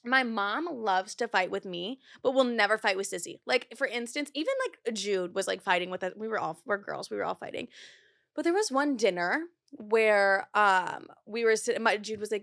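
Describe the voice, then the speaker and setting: A woman's voice: a little high, a little fast, a bit bright, no room sound, studio quality. A young woman in her twenties hosting a podcast, chatting casually, filling her talk with "like" and swearing freely. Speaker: podcast host. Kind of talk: casual chat.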